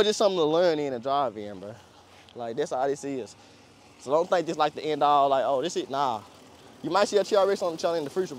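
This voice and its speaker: Young man, slangy casual vlog talk, mid pitch, faint outdoor hiss. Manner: slangy, rambling, laughs often. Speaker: car vlogger.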